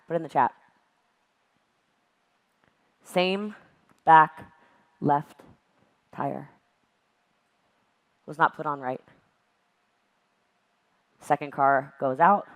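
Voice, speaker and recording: A woman giving an emphatic, animated motivational talk at a virtual event. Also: low voice, slow, pauses often. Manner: emphatic and animated, acts out exasperated voices. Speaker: network marketing speaker.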